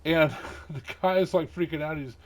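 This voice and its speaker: A man's voice: on the high side, normal speed. Rambling middle-aged man gaming. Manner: rambling, chuckling, many fillers. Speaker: gaming channel host. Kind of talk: casual gameplay commentary.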